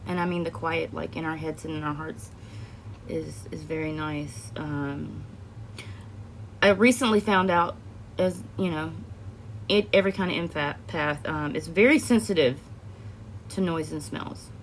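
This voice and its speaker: A woman's voice: deep voice, unhurried, pauses often, a little hiss or hum. A young woman vlogging casually about her own experiences, rambling and emotional, often trailing off with laughs and sighs. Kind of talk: casual personal storytelling to camera.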